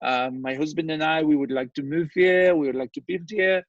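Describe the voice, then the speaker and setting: A man voicing a polite Haitian woman caller with a put-on Haitian French accent and halting, broken phrasing, heard on a dull, lo-fi recording. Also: a little high, fairly even intonation, dry recording, natural voice. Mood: polite pleading.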